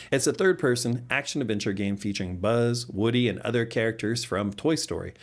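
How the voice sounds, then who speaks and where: A man in his thirties, a father hosting a gaming channel, talking casually through game news with easy laughs and relaxed asides. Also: mid-range voice. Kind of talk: casual commentary vlog.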